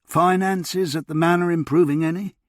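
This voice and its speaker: A man voicing a kind older retired surgeon who talks in a gentle, coaxing way. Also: on the high side, fairly even intonation, normal speed, no room sound, studio quality, voice pushed up, lightly acted. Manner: kindly, coaxing.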